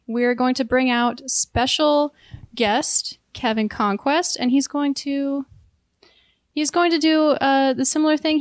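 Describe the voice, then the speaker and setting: A woman's voice: sits high, no echo, clean studio sound. A woman co-hosting a podcast trivia game, explaining the rules in upbeat, laughing banter. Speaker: podcast co-host running the quiz. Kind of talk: casual game-show banter.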